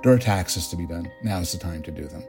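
A middle-aged man, a psychologist guest on a podcast, explaining ideas and telling stories in an animated way. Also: deep voice, fairly quick, creaky, music in the background. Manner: explanatory, animated storytelling with restarts. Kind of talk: interview.

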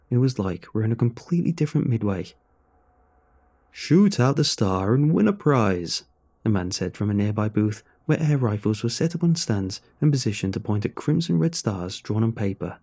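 A man's voice: lowish voice, warm tone, slightly rough. A man narrating a first-person horror story in a scripted storytelling style.

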